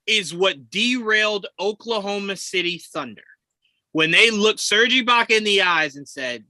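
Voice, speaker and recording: Animated man, bright high voice. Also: unhurried, no echo. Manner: animated, swearing, laughing, acts out quotes. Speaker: podcast co-host. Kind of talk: casual sports chat.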